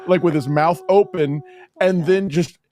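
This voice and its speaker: A man's voice: high voice, unhurried, a little mellow, no echo. A man co-hosting a podcast, telling a story with animation and laughing along. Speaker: podcast co-host.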